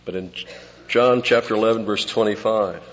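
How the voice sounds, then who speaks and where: A man preaching an expository sermon, teaching conversationally and dropping to quiet asides between points. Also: fairly low pitch, steady tone, normal speed, a little hiss or hum. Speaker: pastor. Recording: lo-fi with long hall reverb.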